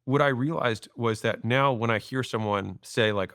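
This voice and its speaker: A man in his thirties, a podcast guest, telling stories and acting out quoted lines in an animated way. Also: medium pitch, normal speed, no room sound, studio quality. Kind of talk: storytelling interview talk.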